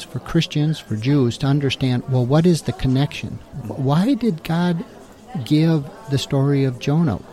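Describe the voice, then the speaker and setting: A man's voice: a little high, warm tone. A man co-hosting a talk show, explaining a scripture passage in a casual teaching style and firing off rhetorical questions. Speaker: co-host teaching the Bible.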